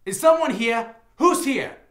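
A man's voice: very high voice, expressive, unhurried, exaggerated voice. A man playing a furious betrayed husband. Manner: narrates the scene, then shouts accusations. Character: young man playing a jealous, enraged husband. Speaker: friend acting out a crime scene.

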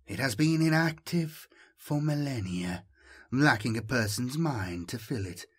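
A sinister, mocking robot voice that purrs and drops into husky half-whispers, as a man puts it on for an audiobook. Low and quiet, with a creeping, unhinged menace. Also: animated, measured pace, dry recording, clean studio sound. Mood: menacing. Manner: purring, hushed, half-whispered.

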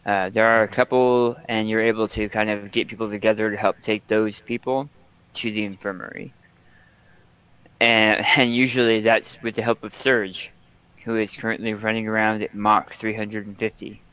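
A man's voice: on the low side, flat delivery, moderate pace, fairly bright tone, clear, resonant tone. A man narrating as game master of a tabletop game, chatty and laughing often, with frequent ums.

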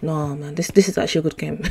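A woman's voice: low voice, sing-song, a little fast, gravelly, heavy background noise. A young woman, commentating a horror game she is playing, jumpy and easily startled, with gasps and exclamations. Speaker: gaming YouTuber.

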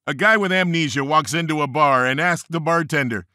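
A man narrating an audiobook of jokes, reading them aloud playfully and jumping up in pitch for the quoted characters. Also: a little fast, sharp tone, no echo, clean studio sound. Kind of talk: reading a joke book aloud.

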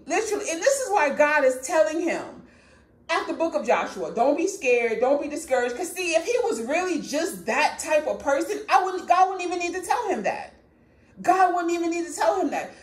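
A woman's voice: sits high, echoey room. A woman preaching a fervent prophetic sermon, emphatic and repetitive, often laughing between points.

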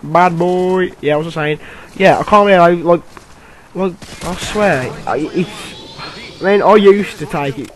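A young man giving rambling, filler-heavy commentary over his own gameplay, with bursts of excitement. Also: high voice, measured pace, slight background noise, rough recording. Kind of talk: casual game commentary.

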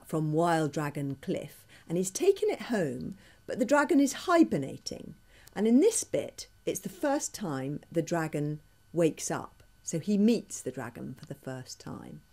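A woman reads her own children's book aloud, dramatic and expressive. Her voice is fairly low, husky and mellow, swooping widely in pitch as she builds each moment. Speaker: author reading her book. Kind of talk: reading aloud a children's story.

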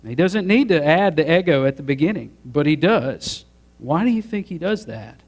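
A man's voice: a little high, lively intonation, moderate pace, darkish tone. A man preaching a sermon as pastor, asking the congregation to join in and building to emphatic peaks. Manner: preaching with rising emphatic build-ups and audience prompts.

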